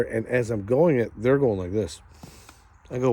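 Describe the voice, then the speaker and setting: A middle-aged man hosts and tells a funny story in a casual way. He chuckles as he goes and acts out the other people with big jumps in pitch. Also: brisk, warm tone. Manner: chuckles through the telling. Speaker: host.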